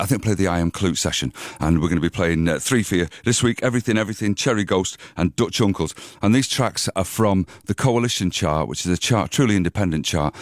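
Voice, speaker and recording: A man's voice: low voice, dry recording, studio quality. Rambling male radio DJ. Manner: chatty, rambling, with many fillers and restarts. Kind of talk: casual radio presenting. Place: radio studio. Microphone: studio microphone.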